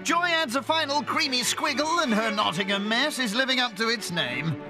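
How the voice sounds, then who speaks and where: A man's voice: extremely high pitch, expressive, moderate pace. A man narrating a reality cooking show in scripted voice-over, with teasing, sarcastic quips. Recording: voice-over with loud music behind.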